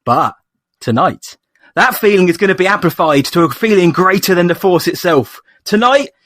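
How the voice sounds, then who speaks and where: Podcast host, man, punchy hyped intro, high-pitched, dry close sound. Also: a bit bright, no echo. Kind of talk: scripted show introduction.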